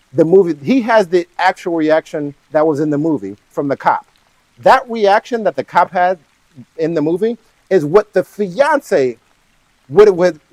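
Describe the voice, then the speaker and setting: A man's voice: on the high side, darkish tone, dry recording, rough recording. A man casually retelling and reworking a film's plot, rambling, with lots of "like" and "right?". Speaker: study vlogger.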